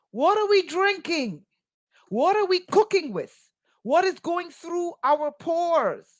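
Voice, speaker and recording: Emphatic woman, slow and pointed. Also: high voice. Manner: emphatic, rhetorical questions, sarcastic asides. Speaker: spiritual teacher. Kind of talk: impassioned spoken monologue.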